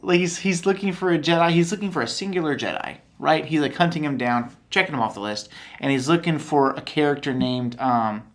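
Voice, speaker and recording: Animated man, podcast co-host. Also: fairly high pitch, a little fast. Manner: animated storyteller, acts out quotes. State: tired voice. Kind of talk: casual chat.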